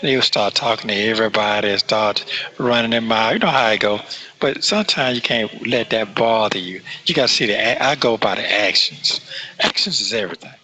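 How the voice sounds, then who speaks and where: A man's voice: lowish voice, brisk, pushed and bright, low-quality recording. A man in casual conversation, rambling and repeatedly checking that he is understood.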